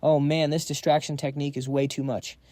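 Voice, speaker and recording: A man's voice: a little high, level tone, a little fast, mellow, no room sound, studio quality, close to an everyday voice. A man voicing a firm, confident woman squad leader in a comic recap.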